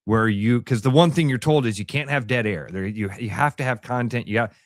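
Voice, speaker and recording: A man's voice: mid-range voice, brisk, dry recording, clean studio sound. A man co-hosting a morning radio show, chatting casually and telling rambling, self-deprecating stories.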